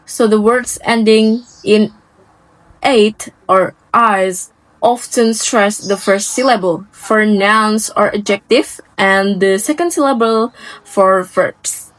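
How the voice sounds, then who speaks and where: Slow-talking young woman presenting. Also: mid-range voice, no room sound, low-quality recording. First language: Indonesian. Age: young adult. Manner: hesitant, repeats example words. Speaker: student presenter. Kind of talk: class presentation on word stress.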